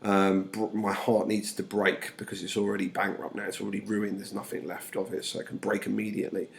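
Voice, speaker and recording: A man's voice: lowish voice, level tone, a little fast, gravelly. A male English teacher casually explaining a play to students, paraphrasing the lines in plain words.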